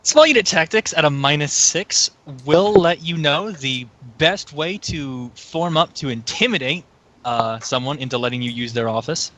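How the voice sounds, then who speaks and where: A man's voice: fairly high pitch, moderate pace, pushed and bright. A man running a tabletop game as game master, explaining rules with easy laughs.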